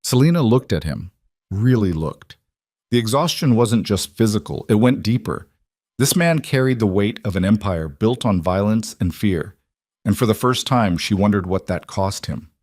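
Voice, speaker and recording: A man reading a romance audiobook in a measured, even storytelling manner. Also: fairly low pitch, no room sound, clean studio sound. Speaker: narrator. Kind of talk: scripted audiobook narration.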